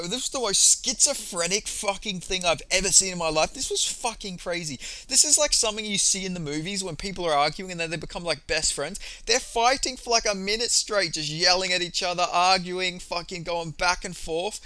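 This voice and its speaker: Excitable, profane young man recapping fights. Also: high voice, a little fast, hardly any pauses, no room sound. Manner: excitable, profane, rambling with many fillers. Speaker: MMA commentary vlogger. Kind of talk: casual recap monologue.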